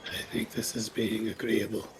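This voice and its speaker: A man voicing a gruff adventurer in a tabletop game who speaks in stilted, oddly formal grammar. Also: fairly low pitch, completely flat delivery, normal speed, slight background noise, close to an everyday voice. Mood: stiff.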